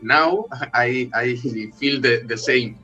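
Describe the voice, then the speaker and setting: A man co-hosting a casual chat, chiming in with quick agreeing remarks. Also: medium pitch. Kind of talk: casual conversation. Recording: muffled with music behind.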